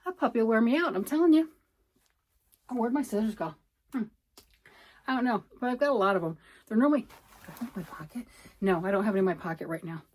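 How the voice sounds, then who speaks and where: A woman's voice: fairly high pitch, lively intonation, fast, long pauses, a little mellow. A middle-aged woman chatting casually as a knitting vlogger, rambling and talking to herself as she works, a little out of breath. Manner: chatty, rambling, self-talk while working. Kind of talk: casual chat.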